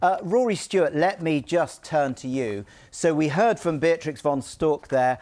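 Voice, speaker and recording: A man's voice: on the high side, measured pace, darkish tone. A man presenting a studio news program, putting pointed questions to a guest and pressing for answers.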